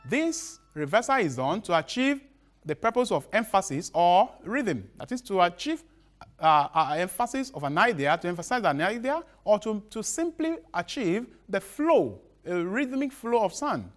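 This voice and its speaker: A male teacher giving a broadcast literature lesson, repeating each definition slowly with halting restarts. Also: sits high, very animated.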